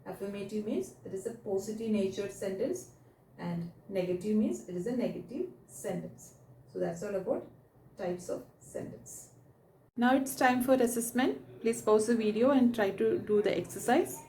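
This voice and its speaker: A woman's voice: medium pitch, moderate pace, mellow, distant mic, slight background noise. Patient woman teacher in an echoey room. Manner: explains step by step, asks checking questions. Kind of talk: recorded grammar lesson.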